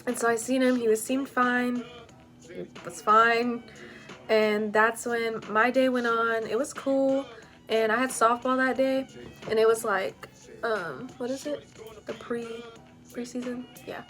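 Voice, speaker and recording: Young woman, storytime vlog, rambling and casual, slightly high voice, faint music underneath. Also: fairly even intonation, measured pace, fairly bright tone. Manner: rambling, full of "like" and "you know".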